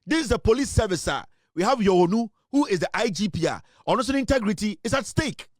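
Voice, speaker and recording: A man with a Ghanaian accent gives heated political commentary in a high, animated voice, emphatic and full of fillers. He switches quickly between English and Twi, and the sound is dry and close with no echo.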